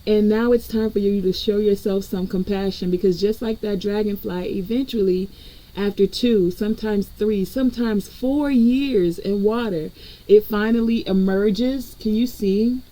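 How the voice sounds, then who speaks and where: Brief: woman spiritual reader, very mellow dark tone, chatty and direct with viewers. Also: medium pitch, steady tone, measured pace, low-quality recording. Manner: conversational, addresses viewers directly. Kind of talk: collective spiritual reading.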